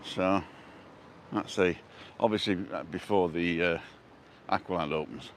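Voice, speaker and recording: Outdoors on a street, an English vlogger leads a casual, jokey walking tour, chatting about the shops he passes and chuckling at his own quips. His voice is low-pitched and a little slow, with a bit of hiss or hum in the audio.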